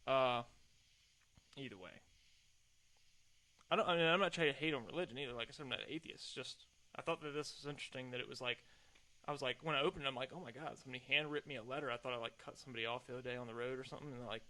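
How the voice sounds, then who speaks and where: A man's voice: mid-range voice, very fast, pushed and bright. A young adult man hosting a solo podcast, chatting in a rambling, self-deprecating way at a desk mic. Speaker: podcast host.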